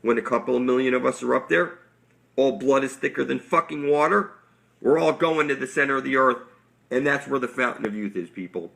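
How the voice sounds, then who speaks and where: A man's voice: medium pitch, brisk, vocal fry, a bit bright. A man giving a rambling, intense, preachy monologue to his viewers, swearing often and calling them "people". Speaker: online conspiracy speaker.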